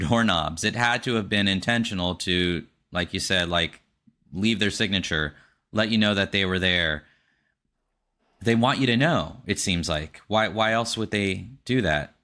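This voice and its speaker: A man's voice: on the low side, a little slow, pushed and bright. A man hosting an interview, reacting with curious interest to his guest's story. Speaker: podcast host. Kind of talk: casual interview chat.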